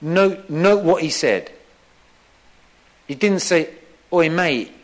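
A man preaching a sermon, emphatic and repeating key phrases for weight. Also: slow pace. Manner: acts out quoted lines in a softer, lower voice.

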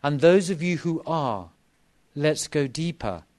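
Slow, lively-pitched male preacher. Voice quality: lively, swooping delivery with emphatic repetition. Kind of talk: sermon.

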